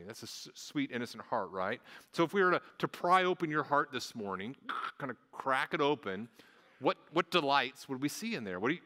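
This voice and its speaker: Guy preaching in church, bright voice, talks casual w lots of restarts, big echoey hall. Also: medium pitch. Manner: conversational preaching with repeated restarts and asides. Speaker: pastor. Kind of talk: sermon.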